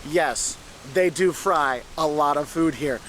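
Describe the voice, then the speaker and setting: Enthusiastic high-voiced man presenting outdoors. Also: takes it slowly, fairly bright tone, a little hiss or hum. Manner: enthusiastic, talks straight to camera. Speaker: travel video host. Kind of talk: travel vlog presenting. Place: outdoors in a city street.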